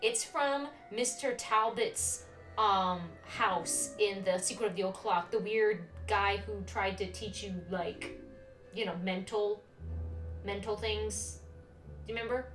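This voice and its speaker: A woman's voice: medium pitch, slow pace, a bit bright, distant mic, poor audio. Young woman, casual gameplay chat, reads text aloud, game music behind, keyboard clicks. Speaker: let's-play host.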